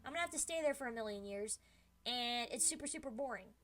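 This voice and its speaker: Bright, animated young woman telling a story. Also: fairly high pitch, fast. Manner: animated, dramatic slang-filled retelling. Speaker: streamer. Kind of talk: casual storytelling.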